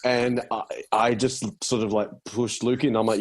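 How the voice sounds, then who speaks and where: A man with an Australian accent, a podcast guest in casual chat, telling stories in a quick, self-deprecating way. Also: on the low side, steady tone.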